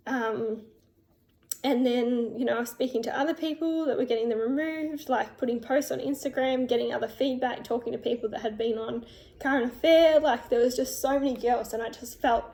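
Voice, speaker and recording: Young woman, tearful and halting, fairly high voice, lots of ums. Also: darkish tone. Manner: tearful, halting, many fillers and restarts. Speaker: vlogger. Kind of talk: emotional personal story vlog.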